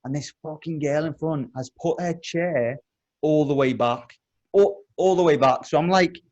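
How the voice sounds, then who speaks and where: Male podcast co-host, casual and sweary, slightly high voice. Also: normal speed, highs cut off. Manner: sweary, animated storytelling. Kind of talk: casual chat.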